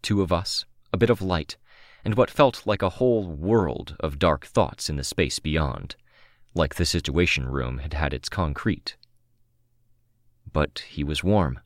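A man narrating a novel in the first person, calm and measured, close to the microphone. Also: a bass voice, dry recording. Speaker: audiobook narrator.

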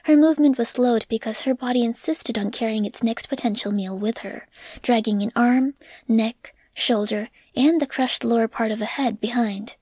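A woman narrating a story in a measured voice that drops to a whisper on grim passages. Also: fairly high pitch, a little mellow, no echo. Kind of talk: audiobook narration.

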